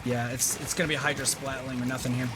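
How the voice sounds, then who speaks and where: A young man giving live gameplay commentary, excitable and swearing as he reacts out loud, over game music. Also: medium pitch, fast, heavy background noise. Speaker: streamer.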